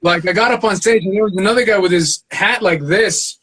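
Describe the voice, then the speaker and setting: A man's voice: fairly quick, fairly bright tone, poor audio. A man with a Southern US accent, a guest artist, telling a profane, laughing story. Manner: profane, laughing, quotes others in high voices. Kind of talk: animated storytelling.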